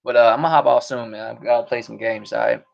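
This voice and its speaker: A man with a gravelly, fry-heavy voice, rambling through a casual solo podcast chat. His talk is loose and full of swearing, broken up by frequent laughs. The audio comes through dull and lo-fi, like a home stream setup. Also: mid-range voice, fairly even intonation, fast talker. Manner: rambling and profane, laughs often. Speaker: podcast host.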